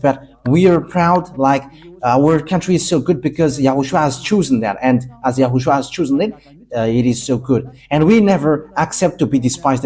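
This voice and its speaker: A man from Madagascar, preaching a sermon in emphatic, halting English with frequent pauses. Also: fairly high pitch, darkish tone, husky.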